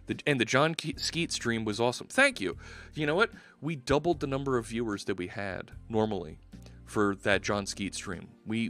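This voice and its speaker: Male streamer, mid pitch, upbeat rambling chat over faint background music. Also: fairly bright tone. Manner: chatty, upbeat, rambling with frequent restarts. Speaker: live-coding stream host. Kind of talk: casual livestream chat while coding.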